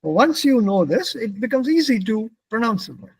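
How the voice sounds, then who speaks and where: A man's voice: sits high, sing-song, normal speed, husky, low-quality recording. A man from India with an Indian English accent, teaching a German pronunciation class and patiently repeating words for his students.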